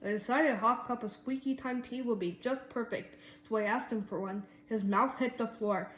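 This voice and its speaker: Woman reading a kids' story aloud, slightly high voice, lively, in a roomy space. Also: normal speed, hardly any pauses. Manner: lively, voices each mouse character. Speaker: reader.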